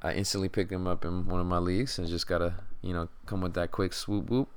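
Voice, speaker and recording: A man's voice: low voice, little pitch movement, fast, clean tone, dry recording. A young man hosting a podcast, talking casually and ranting about sports, swearing constantly and calling people "man". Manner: profane, frustrated rambling with frequent "man". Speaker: podcast host.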